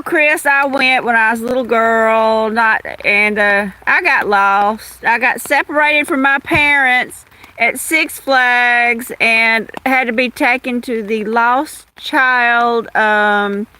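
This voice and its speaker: Slow-talking Louisiana woman, bright voice. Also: on the high side, low-quality recording. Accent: Louisiana Southern. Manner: chatty, greets viewers by name. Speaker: livestream host. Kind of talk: casual live chat with viewers. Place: outdoors in the rain under an umbrella. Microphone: phone held in hand.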